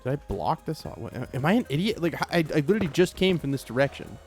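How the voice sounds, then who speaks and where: A young man casually commenting on his own gameplay in a chatty, joking way, quick to get startled and to repeat himself. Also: fairly high pitch, sing-song, soft background music. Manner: chatty, jokey, easily startled, repeats phrases. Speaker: let's play gamer.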